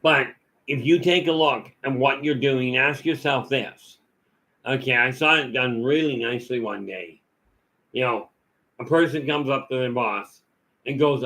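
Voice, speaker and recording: A man's voice: medium pitch, unhurried, a bit bright, low-quality recording. A man giving a rambling, folksy talk full of stories and asides as a vlog host. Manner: folksy, storytelling, many "you know" fillers.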